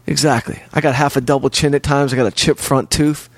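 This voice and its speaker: A man's voice: medium pitch, steady tone, a little fast, no room sound. A man in casual podcast chat, a comedian swearing and telling a story in a streetwise way. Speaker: comedian guest.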